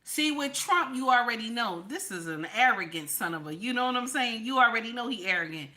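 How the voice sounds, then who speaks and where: A woman from the New talks straight to her viewers, with a bright, forceful tone. She is blunt and emphatic, and she hammers her points home by saying them again and again. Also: fairly high pitch, animated, a little fast, rough recording. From New York / New Jersey area. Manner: blunt, emphatic, repeats lines for stress. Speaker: online commentator. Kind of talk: casual political commentary vlog.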